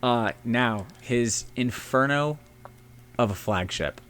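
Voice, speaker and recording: A man's voice: medium pitch, takes it slowly, a little hiss or hum. A man co-hosting a casual history podcast, rambling and swearing as he tells the story. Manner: rambling, profane, puts on silly shouting voices for historical figures. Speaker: podcast co-host.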